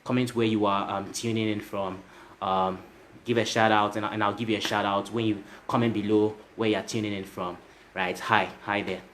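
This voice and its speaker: Low-voiced man telling a motivational story. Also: little pitch movement, normal speed, fairly bright tone, slight background noise. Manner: repetitive, tags lines with "right?"; addresses viewers directly. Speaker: motivational speaker.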